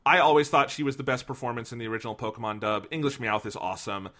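A man chatting casually about a film, animated, laughing often and quoting lines in playful voices. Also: medium pitch, racing. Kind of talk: casual chat, film discussion.

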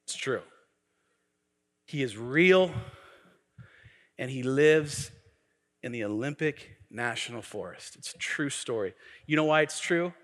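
A man's voice: mid-range voice, animated, slow pace, pauses often, a bit bright, in a large hall. A man preaching a sermon as a pastor, mixing humor and acted-out quotes. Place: church sanctuary.

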